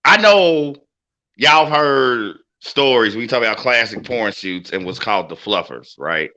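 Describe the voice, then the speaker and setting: Animated, bright-voiced man telling stories. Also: medium pitch, unhurried, muffled recording. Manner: animated storytelling, swears freely. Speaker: podcast co-host. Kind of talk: casual wrestling chat.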